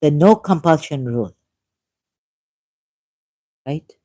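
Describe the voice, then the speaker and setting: A woman with a low, mellow voice reads a text aloud on her own channel and comments on it. She takes it slowly and deliberately and stops now and then for apologetic asides. The sound is close and dry, from a dim room. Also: animated, no room sound. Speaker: channel host. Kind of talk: reading aloud and commenting, casual vlog.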